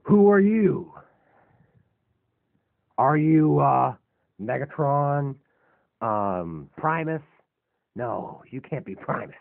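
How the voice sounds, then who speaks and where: A man's voice: medium pitch, takes it slowly, vocal fry, no echo. A man voicing a giant, ancient male robot god in a fan robot drama, sounding bewildered and grumpy. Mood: irritable. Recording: tinny lo-fi phone-like recording.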